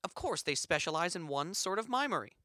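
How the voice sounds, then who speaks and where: A man doing improv comedy, explaining mime lore with a deadpan, mock-serious manner. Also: high voice, fairly quick, no room sound, clean studio sound. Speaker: improv performer translating a mime.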